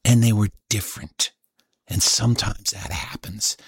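A man's voice: on the low side, moderate pace, husky, no echo, studio quality. A man telling a childhood story as a stage storyteller, acting out each voice. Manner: animated, acts out every voice. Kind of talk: told story performance.

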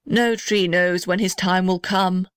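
A woman's voice: on the low side, steady tone, normal speed, dry recording, studio quality, natural voice. A woman voicing an old gum tree, grave and matter-of-fact.

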